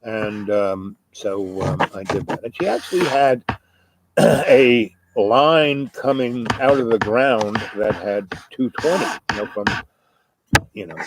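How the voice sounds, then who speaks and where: A man's voice: lowish voice, slow pace. Rambling man telling a story. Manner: meandering, full of fillers and asides. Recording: noisy background hiss.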